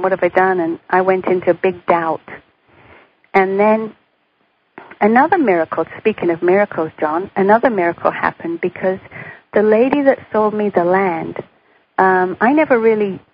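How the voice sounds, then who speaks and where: A middle-aged woman, a guest in an interview, telling a personal story in an animated way and acting out the voices she quotes. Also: mid-range voice. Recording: dull radio recording, faint hiss.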